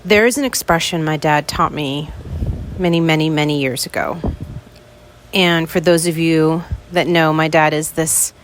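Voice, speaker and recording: A woman's voice: deep voice, steady tone, moderate pace, a little hiss or hum. A woman hosting a podcast, chatting casually and speaking straight to her listeners. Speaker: podcast host.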